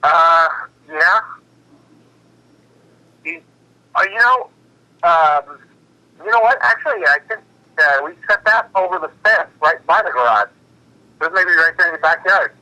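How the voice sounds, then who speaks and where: A man's voice: on the high side, expressive, unhurried, pauses often, bright, forceful tone. A man chatting casually over a phone line, hesitant with many fillers. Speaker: co-host on phone. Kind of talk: casual chat.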